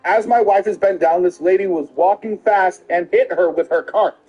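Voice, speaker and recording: A middle-aged father telling a story casually, animated and laughing often, acting out the quotes. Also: high voice, normal speed, dull audio, soft background music.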